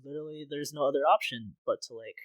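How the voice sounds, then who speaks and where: A man's voice: a little high, quick pace, dry recording, rough recording. A man co-hosting a podcast, talking casually with many filler words. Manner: casual, heavy use of "like" fillers. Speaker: podcast co-host.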